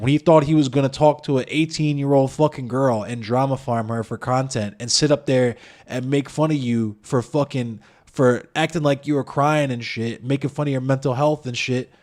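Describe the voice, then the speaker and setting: A man's voice: medium pitch, darkish tone. A young man streaming, ranting in a heated, passionate and profane way. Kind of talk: heated casual stream talk.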